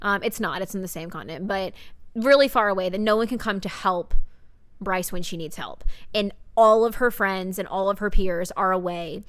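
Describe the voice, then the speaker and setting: A young adult woman co-hosts a podcast and chats casually about books, speaking at a normal speed with a medium-pitched voice. She's animated, uses lots of fillers and keeps retelling quotes.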